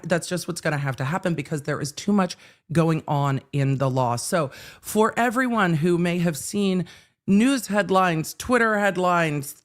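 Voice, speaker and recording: A woman in her forties, a hoarse live-stream legal commentary host who talks in a chatty, animated way and repeats herself for emphasis. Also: on the low side. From California. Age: 40s. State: hoarse, under the weather.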